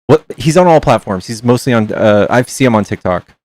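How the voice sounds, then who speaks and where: A male streamer chats casually with his audience, reading passages aloud and reacting with plenty of swearing. His mid-pitched voice is expressive, brisk and a little mellow, captured on a close mic that sounds dry with no room sound.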